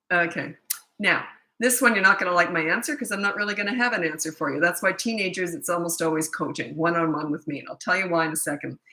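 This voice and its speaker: A middle-aged woman coaching parents in a relaxed Q&A, blunt and matter-of-fact. Her voice is sharp and forceful, and it sits slightly low. She slips into anecdotes and laughs easily as she talks. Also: brisk, pauses often, low-quality recording. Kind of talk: casual Q&A answering viewer questions. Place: Australia.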